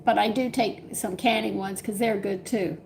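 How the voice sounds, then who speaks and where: A woman's voice: medium pitch, fairly even intonation, normal speed, darkish tone, slight background noise. An older woman hosting a home cooking live stream, chatting with viewers and telling exasperated stories from home. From Texas. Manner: chatty, exasperated storytelling with laughs. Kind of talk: casual live-stream chat.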